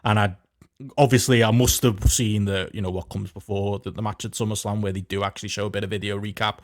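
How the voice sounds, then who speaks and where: A man's voice: on the low side, flat delivery, quick pace, no room sound, clean studio sound. A man in his thirties co-hosting a podcast, telling rambling anecdotes with laughing asides. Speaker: podcast co-host. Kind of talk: casual podcast chat.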